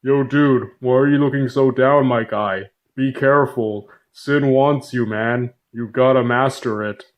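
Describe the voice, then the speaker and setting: A man's voice: medium pitch, steady tone, a little slow, hardly any pauses, lo-fi sound, close to an everyday voice. A man voicing God as a laid-back buddy who talks in casual slang.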